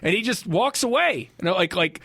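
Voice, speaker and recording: Casting: male podcast co-host, fairly high voice, dry close sound, animated raconteur. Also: fairly quick, creaky, breathy edge, no echo. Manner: animated storyteller who acts out the people in his stories. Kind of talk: crude casual banter.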